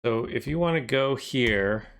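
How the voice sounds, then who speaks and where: A man chatting casually on a live stream, thinking aloud and often trailing off into quieter mumbles as he reads from his screen. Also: medium pitch, expressive, unhurried, creaky, clear, resonant tone.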